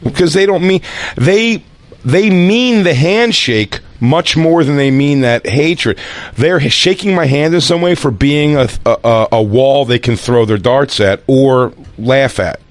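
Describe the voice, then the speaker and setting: A man's voice: mid-range voice, unhurried, no room sound. A man co-hosting a podcast in casual chat, rambling and reflective, restarting his sentences often. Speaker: podcast co-host.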